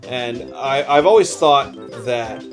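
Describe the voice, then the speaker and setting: A man's voice: mid-range voice, expressive, slow. A man co-hosting a video game let's play, rambling and joking casually and swearing freely. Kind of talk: casual gameplay commentary. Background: game music.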